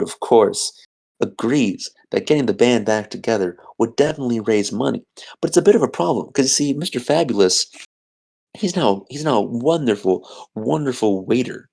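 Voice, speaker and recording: A man's voice: lowish voice, creaky, a little mellow. A young man hosting a podcast, giving a rambling, hyped, self-correcting casual recap of a movie. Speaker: podcast host.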